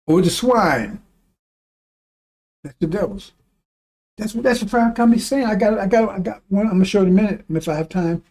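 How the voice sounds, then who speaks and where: A man's voice: sits high, expressive, a little fast, pauses often, darkish tone. A man giving a rambling, emphatic religious talk, swearing when he gets worked up. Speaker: religious teacher. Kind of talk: informal religious teaching.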